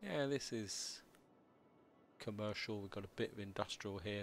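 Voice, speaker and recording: Man, low voice, gravelly and a bit croaky, halting stammery gameplay commentary, faint music behind. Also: fairly even intonation. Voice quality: slightly croaky. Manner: halting, stammers and restarts while building. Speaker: let's play host.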